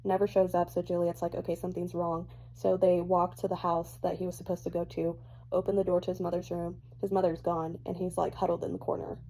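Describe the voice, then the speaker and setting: A young woman vlogging about a book she is reading, chatty and animated as she swings between gushing and ranting. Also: fairly low pitch, fairly quick, vocal fry, slight background noise. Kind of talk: casual reading reaction vlog.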